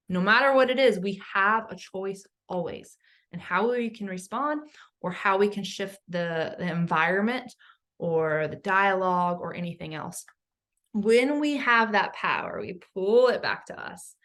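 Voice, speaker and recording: A woman's voice: mid-range voice, fairly bright tone. A woman coach giving an educational talk, earnest, explaining step by step with questions and lists. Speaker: somatic coach.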